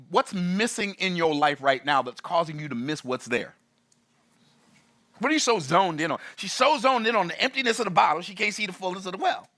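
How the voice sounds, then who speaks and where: A man teaching in a sermon style, animated and playful, asking his audience rhetorical questions. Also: sits high. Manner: animated, playful, acts out voices and laughs at his own jokes. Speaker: business teacher.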